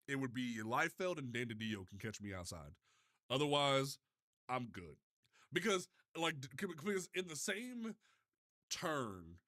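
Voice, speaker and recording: A man with a bright, forceful voice chats loosely on a livestream. He swears freely and trips over his words, restarting sentences as he goes, in a mid-pitched everyday tone. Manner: animated, profane, stumbling restarts. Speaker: livestream host. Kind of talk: casual livestream chat.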